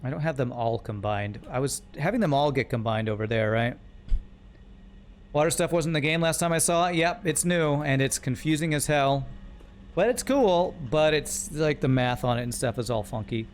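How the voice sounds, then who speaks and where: A man's voice: on the high side, moderate pace. A man streaming a building game, thinking aloud and correcting himself as he works through numbers. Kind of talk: live gameplay commentary.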